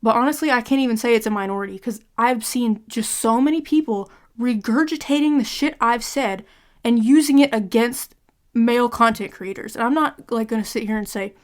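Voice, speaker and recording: A young woman in a vlog rants at her audience in a blunt, exasperated way and swears often. Her voice sits a little high for a woman. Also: fairly quick. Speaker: gaming content creator. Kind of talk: ranting vlog monologue.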